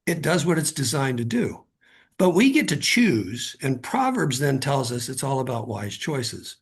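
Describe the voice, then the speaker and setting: A man's voice: mid-range voice, very animated, a little slow, breathy edge. A middle-aged man, a guest author, earnestly telling a personal story in conversation and often repeating words as he starts a thought.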